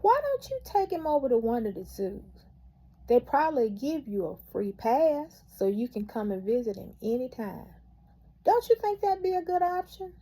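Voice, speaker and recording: A woman voicing a calm, blunt male doctor who speaks matter-of-factly and with some amusement. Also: high-pitched, normal speed, breathy edge, exaggerated voice.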